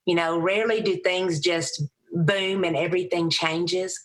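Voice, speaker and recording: A middle-aged woman with a heavy Southern accent, a Christian motivational speaker telling lively stories as a podcast guest. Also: measured pace. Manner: animated storyteller, raises her voice high for quoted people. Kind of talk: storytelling interview answer.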